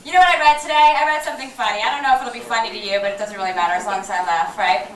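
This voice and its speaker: A woman's voice: on the high side, fairly even intonation, rapid-fire, background noise. A young woman doing a stand-up comedy set in a small venue, brash, profane and self-mocking, taped on a camcorder from the audience. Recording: echoey room taped from far off.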